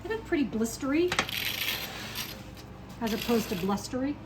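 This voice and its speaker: A woman's voice: high-pitched, sing-song, a little fast, pauses often. A woman filming a casual home cooking video, chatting and joking with herself as she works in her kitchen. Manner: chatty, self-mocking, talks to herself while cooking. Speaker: cooking vlogger. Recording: clear kitchen noise behind. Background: clattering dishes and pans.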